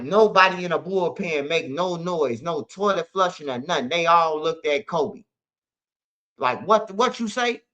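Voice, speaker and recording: A man spins a long story in loose, slangy, profane speech. His voice sits fairly high with a bright, forceful edge. The audio comes through dull and lo-fi. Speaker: host of a street news channel. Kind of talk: casual storytelling monologue.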